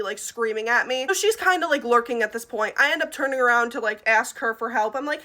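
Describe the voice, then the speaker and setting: A young woman in a casual storytime vlog, chatty and animated, with lots of "like" fillers. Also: on the high side, quick pace, hardly any pauses. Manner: chatty, animated, heavy use of "like". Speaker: vlogger.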